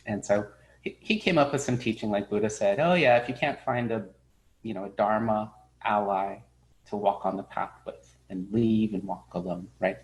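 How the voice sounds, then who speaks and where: A middle-aged man giving a spoken Buddhist dharma talk, an animated storyteller who acts out his characters' lines. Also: fairly low pitch, normal speed, rough recording. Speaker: Buddhist teacher.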